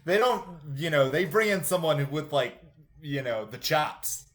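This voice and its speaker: A man with a fairly high voice co-hosts a podcast in loose, casual chat. He rambles through long tangents in an animated way and swears freely. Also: a little slow. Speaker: podcast co-host.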